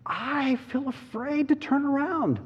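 A man's voice: very high voice, extremely slow, voice pushed up, full character voice. A man voicing a frightened young girl, reading aloud from a storybook in a sermon. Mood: anxious. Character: frightened young girl Lucy, tearful and eager. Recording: dull sound in a large reverberant hall.

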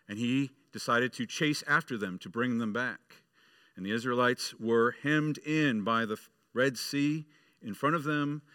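Male pastor, sermon storyteller, bright and dry. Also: mid-range voice, clear, resonant tone, no echo. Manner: storytelling, acting out voices.

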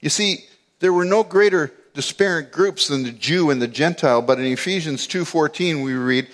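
A man's voice: fairly high pitch, expressive, moderate pace. Man preaching a conversational sermon. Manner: conversational preaching, rising to emphatic peaks. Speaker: pastor.

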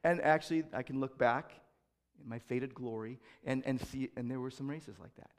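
A man preaching a sermon as pastor, repeating key phrases and asking rhetorical questions, moving between loud proclamations and quieter reflective asides. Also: medium pitch, normal speed.

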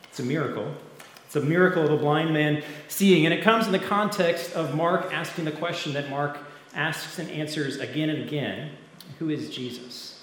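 A man preaching an earnest evening sermon in a church, often dropping to a hush at the ends of phrases. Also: fairly high pitch, normal speed, slight background noise. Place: church sanctuary. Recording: very echoey hall with long reverb.

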